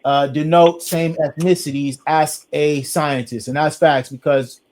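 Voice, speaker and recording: A man's voice: on the high side, fairly even intonation, measured pace, darkish tone. A man from Long Beach, California, hosting a live podcast in an upbeat, affirming way, moderating the debate and reading out viewer comments. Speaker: podcast host.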